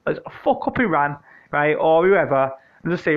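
A man's voice: on the high side, lively intonation, moderate pace, lo-fi sound. A British man hosting a casual monologue, answering listener questions in a joking, profane, meandering way with lots of restarts. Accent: British English.

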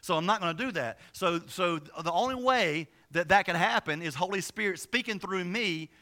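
A pastor preaches in a quick, conversational style, restarting often and tossing in jokes and asides. His voice is high, with a sharp tone.

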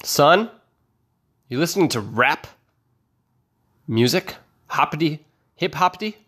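A man's voice: on the high side, expressive, slow, fairly bright tone, breathy edge, pitched above the performer's own voice, exaggerated voice. A man voicing a stern military father in his fifties who disapproves of rap music. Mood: disapproving.

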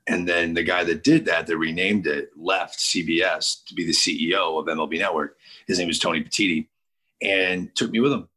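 A man in his forties from St. Louis, with a very deep, forceful voice and a husky edge. He tells stories in a relaxed interview and acts out the people he quotes with lively voices. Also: fairly quick. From St. Louis, USA. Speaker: sports TV host as guest. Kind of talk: casual interview storytelling.

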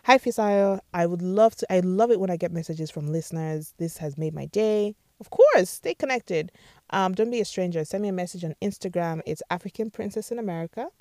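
A woman's voice: fairly low pitch, fairly quick, few pauses, darkish tone, no echo, studio quality. A woman hosting a podcast, giving casual advice in a chatty way and often checking in with "all right?". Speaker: podcast host.

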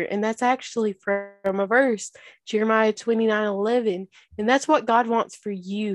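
A woman's voice: medium pitch, no echo. A woman with a mid-range voice closes out her podcast episode. She speaks earnestly and encouragingly to her listeners. The recording is dry and close. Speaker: podcast host. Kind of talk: casual podcast wrap-up.

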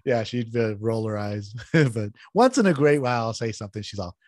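A middle-aged man from California chatting casually as a podcast host, telling stories with big swings in pitch and cursing when annoyed. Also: fairly quick, dry recording, studio quality. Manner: animated storyteller, swears freely, jumps in pitch when riled up. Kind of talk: casual chat.

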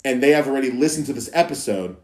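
Animated, joking male podcast host. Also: medium pitch, fast. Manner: animated, jokey, slips into voices. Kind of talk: casual chat. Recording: roomy echo.

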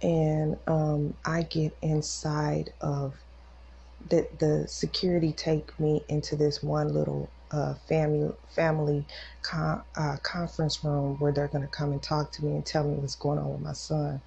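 A woman's voice: low voice, monotone, unhurried, creaky, dark tone, husky, dull audio. A woman podcast host telling a personal faith testimony in a casual, emotional way, acting out the voices of the people in her story. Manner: emotional, acts out quoted voices.

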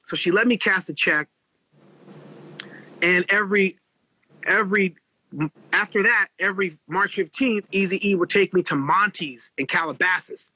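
A man in his forties telling animated stories as an interview guest, acting out quotes with heavy slang and swearing. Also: sits high, normal speed, dry recording, poor audio. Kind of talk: casual storytelling interview.

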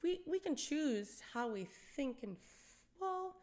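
A middle-aged woman tells a story in casual conversation, slowly and in a high-pitched voice. She's animated, acts out the quoted voices, laughs often, and swears.

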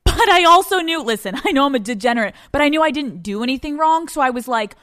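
A woman hosting a podcast, telling a personal story in a dramatic, profane way with quick bursts of speech. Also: sits high, lively intonation, a bit bright, no room sound, studio quality. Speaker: podcast host. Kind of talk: storytelling monologue.

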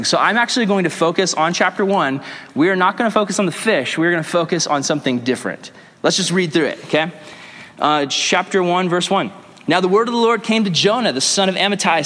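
A young adult man, a youth pastor, reading scripture aloud and teaching a group in an energetic, joking, slangy way. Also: a little high. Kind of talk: casual Bible teaching to a group. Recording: long echo of a large hall.

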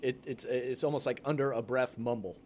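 A male game master narrating a tabletop horror session, pausing often and reaching for words as he goes. His voice sits at an ordinary middle pitch, with a faint hiss behind it. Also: fairly even intonation, darkish tone. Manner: hesitant, searching for words with many fillers.

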